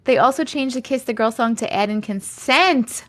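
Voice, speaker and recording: A woman with a Long Island accent, chatting casually on a livestream and reading viewer comments, talking in a chatty, animated way full of giggles. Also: high voice, measured pace, hardly any pauses. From Long Island, New York. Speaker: livestream host.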